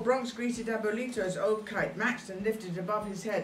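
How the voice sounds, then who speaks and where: A woman's voice: medium pitch, steady tone, normal speed, hardly any pauses. A woman reading a picture book aloud, playful, sometimes speaking to a child listening. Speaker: storybook reader. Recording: roomy room, mic at a distance, faint hum.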